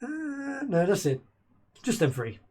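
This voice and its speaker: A man's voice: high-pitched, huge pitch swings, takes it slowly, a little mellow. A man who runs a tabletop game as game master, narrating and voicing a merchant with hesitant, improvised phrasing. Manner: hesitant, many ums and restarts while improvising.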